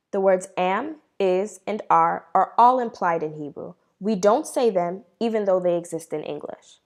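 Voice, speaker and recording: Female language teacher, patient and encouraging, quizzes then answers herself, slows down to model words. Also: mid-range voice. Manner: encouraging, asks questions and answers them herself. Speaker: Hebrew teacher. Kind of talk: beginner language lesson.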